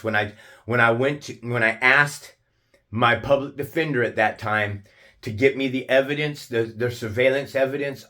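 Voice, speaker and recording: A man telling a personal story in an angry, profane rant, restarting his sentences and shouting out the lines he quotes. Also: medium pitch. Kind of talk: angry ranting monologue.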